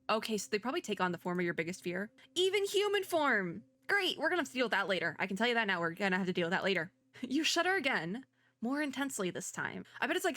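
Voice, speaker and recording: A woman doing let's play commentary, reading game text aloud and chatting in an excitable, nervous way. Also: mid-range voice. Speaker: gaming video creator.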